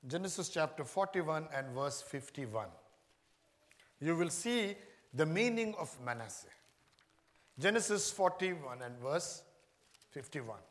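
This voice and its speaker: A man's voice: on the high side, lively intonation, slow, long pauses, a bit bright. A man preaching a sermon, repeating his questions to the congregation. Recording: echoey hall reverb.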